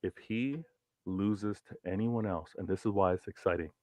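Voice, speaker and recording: A man's voice: on the low side, normal speed, crowd noise. A man co-hosting a football talk stream, arguing his point emphatically and often repeating himself and stammering. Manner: emphatic, repeats words, stutters. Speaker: co-host of a football talk show. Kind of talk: casual debate on a livestream.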